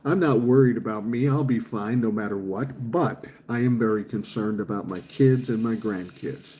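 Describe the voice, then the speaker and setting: A man in his sixties with a dark, mellow voice talks through viewer comments on his livestream. He is blunt and profane, and his opinions come out fired up. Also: fairly low pitch, moderate pace, a little hiss or hum. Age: 60s. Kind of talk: casual chat.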